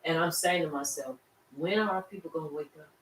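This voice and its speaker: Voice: mid-range voice, fast, a bit bright, slight background noise. A teacher preaching a Shabbat class to a congregation, talking in a loose conversational way with rhetorical questions that draw answers from the room. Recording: echoey room, distant mic, faint ambience.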